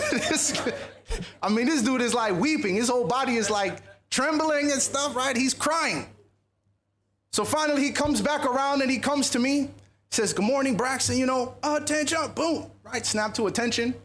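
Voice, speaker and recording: A man speaking at a youth conference, telling a personal story in a lively, animated sermon style. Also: high voice. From USA.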